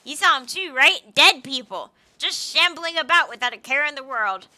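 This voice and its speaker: A jumpy game scavenger rambles about wrecks and loot in an excited rush, voiced by a woman. The tone is high and piercingly bright. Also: normal speed, full character voice. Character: jittery wreck scavenger, easily spooked.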